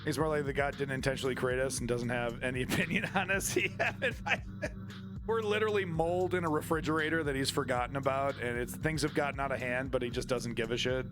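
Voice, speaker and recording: A man's voice: mid-range voice, fast, over music. A man commenting on news during a livestream, talking in a crude, irreverent and mocking way.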